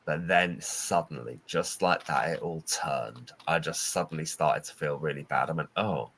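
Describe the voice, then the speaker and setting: A man's voice: very deep voice, moderate pace. A middle-aged man casually telling a funny anecdote, acting out voices as he goes. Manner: animated storyteller acting out drunk voices.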